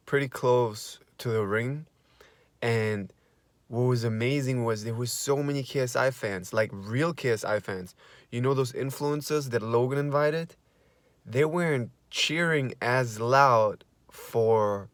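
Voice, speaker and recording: A young man in a casual vlog, excitedly recapping an event he attended, gushing, repeating himself and swearing now and then. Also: mid-range voice, no echo. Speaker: vlogger.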